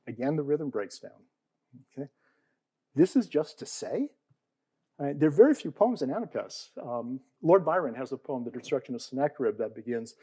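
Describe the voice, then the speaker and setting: A man's voice: mid-range voice, animated, moderate pace, darkish tone, dry recording, low-quality recording. A man giving an explanatory talk on poetry to an audience. He often checks in with "okay?" and "all right?" and puts questions to the listeners. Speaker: panel speaker on poetry.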